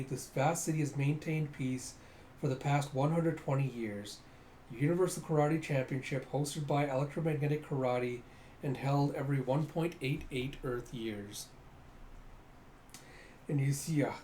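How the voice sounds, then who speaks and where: A man casually reading through a comic, describing the panels in a lively way and acting out the lines. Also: a little high, normal speed. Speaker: reader of a comic. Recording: roomy echo, faint noise.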